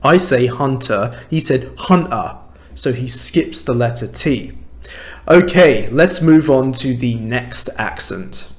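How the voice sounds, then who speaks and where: A man from England with a standard southern British accent, explaining clearly and slowly in an English lesson. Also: medium pitch. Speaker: English teacher. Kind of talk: language lesson to camera.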